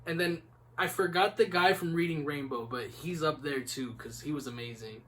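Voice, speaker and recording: A man's voice: a little high, normal speed, fairly bright tone. A young man hosting a casual podcast, rambling laid-back with lots of "like" and "man.". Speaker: podcast host. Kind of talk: casual chat.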